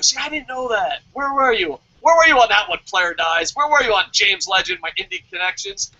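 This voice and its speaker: A man from New Jersey co-hosting a casual wrestling review show, excitable and profane, with mock-formal bits. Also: high-pitched. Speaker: podcast co-host. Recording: dull lo-fi audio.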